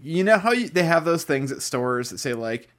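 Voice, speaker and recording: A man co-hosting a casual podcast chat, telling animated stories and swearing freely. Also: on the high side, moderate pace. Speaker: podcast co-host.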